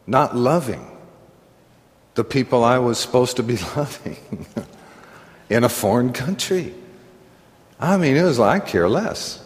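Earnest pastor preaching in a reverberant hall. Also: male voice, medium pitch. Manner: earnest, conversational, laughs at himself. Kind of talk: sermon. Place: church sanctuary.

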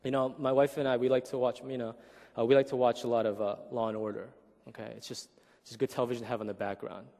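Animated young male preacher, hall reverb. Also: mid-range voice, quick pace, creaky, few pauses. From Korean heritage. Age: 30s. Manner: animated, keeps asking "right?", acts out voices. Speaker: pastor. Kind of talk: conversational sermon.

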